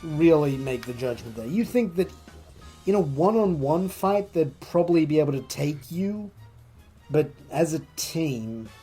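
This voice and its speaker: Mellow game master, slightly high. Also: male voice, expressive, unhurried, husky, faint music behind. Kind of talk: narrating a tabletop game.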